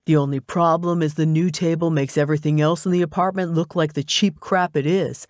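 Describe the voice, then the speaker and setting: A woman's voice: deep voice, steady tone, a little fast, darkish tone, no room sound, clean studio sound, close to an everyday voice. A woman voicing a smug, pushy young ex-boyfriend who talks in a sing-song voice.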